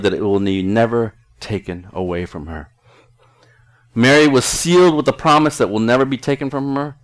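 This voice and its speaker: Middle-aged guy pastor giving a sermon, earnest, chatty, restarts a lot. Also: on the low side. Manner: earnest, conversational preaching with frequent restarts.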